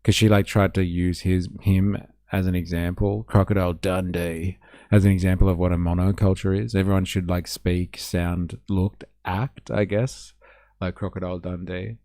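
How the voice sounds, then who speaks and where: A man's voice: sits low, flat delivery, moderate pace, dark tone, no room sound, studio quality. A man hosting a live stream, giving sarcastic, sweary reaction commentary. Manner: sarcastic, swearing, laughing often.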